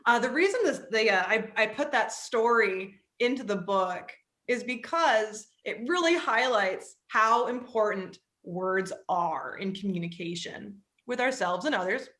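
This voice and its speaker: A woman's voice: mid-range voice, unhurried, echoey room. A woman who grew up on the East Coast of the United States, an author and psychologist telling a story as an interview guest, with many "like" fillers. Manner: animated, frequent "like" fillers.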